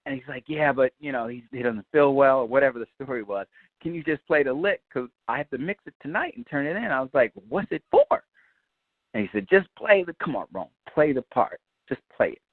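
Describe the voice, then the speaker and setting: A man, a guitarist, telling an animated, profane story and acting out the other people's voices. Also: mid-range voice, a little fast, dry recording, phone-quality sound. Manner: lively, swears freely, acts out quoted voices.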